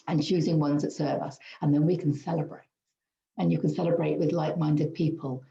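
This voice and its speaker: A woman's voice: sits low, creaky, dark tone. A woman giving a weekly tarot card reading, earnest and upbeat, laughing often as she talks. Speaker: tarot reader. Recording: roomy, slightly dull sound.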